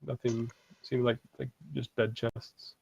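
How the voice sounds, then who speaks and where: A man narrating as dungeon master over an online game, halting and full of fillers. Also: mid-range voice, little pitch movement, creaky, a little mellow, breathy edge, no room sound, dull audio. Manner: hesitant, halting descriptions with many fillers.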